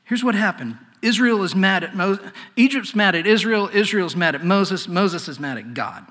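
A man preaching a sermon in an earnest way, often dropping to a hushed voice. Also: high-pitched, expressive, moderate pace. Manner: earnest, swings from loud to hushed. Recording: long hall reverb.

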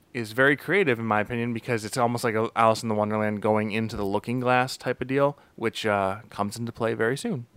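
A man's voice: mid-range voice, clean tone, no room sound. A man co-hosting a casual podcast, recapping a TV episode and acting out its scenes. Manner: animated storytelling, acting out scenes. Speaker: podcast co-host.

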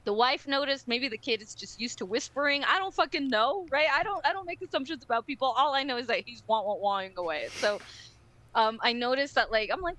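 A woman co-hosting a podcast, telling a story in a casual, animated and profane way and acting out other people's voices. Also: high voice, brisk, poor audio. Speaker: podcast co-host.

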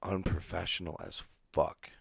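A man with a very deep, gravelly voice co-hosts a casual podcast from home. He talks bluntly and swears freely. The recording is dry and close. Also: little pitch movement, moderate pace, dry recording. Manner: blunt, profane, laid-back. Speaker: podcast co-host. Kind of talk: casual chat. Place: home, fan running.

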